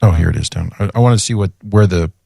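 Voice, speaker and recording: A man co-hosting a casual podcast, chatting in an animated, wry way. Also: low-pitched, fast, vocal fry, slightly rough, no room sound, clean studio sound. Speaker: podcast co-host. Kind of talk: casual chat.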